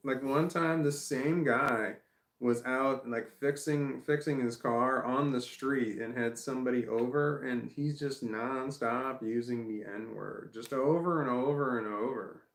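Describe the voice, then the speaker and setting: Gravelly-voiced man rambling casually. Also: mid-range voice, measured pace, roomy sound. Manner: rambling, repeats himself, swears when annoyed. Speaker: vlogger. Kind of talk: casual vlog monologue. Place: at home.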